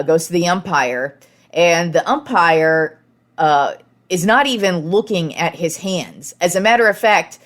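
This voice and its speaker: A young woman hosting a casual sports podcast, talking frankly and with plenty of filler words. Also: fairly low pitch.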